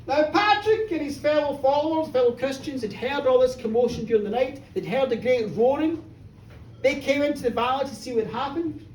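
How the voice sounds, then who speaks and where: A woman's voice: sits high, a little hiss or hum. Woman telling a folk tale. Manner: dramatic, swings between loud bursts and hushed lines. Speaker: storyteller. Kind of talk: live folk-tale storytelling. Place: pub function room with a live audience. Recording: roomy live pub recording from far off.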